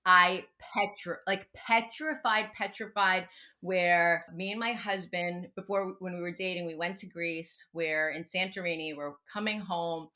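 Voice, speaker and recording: A woman in her forties, a podcast guest, telling a personal story in a dramatic, expressive way and laughing often. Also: on the low side. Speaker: podcast guest, teacher and meditation coach. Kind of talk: animated storytelling in an interview.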